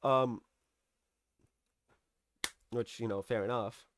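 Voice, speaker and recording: A man's voice: medium pitch, steady tone, slow pace, slight background noise. A man giving a casual, rambling review of a TV episode. He uses lots of fillers and restarts and acts out the characters' lines as he recaps.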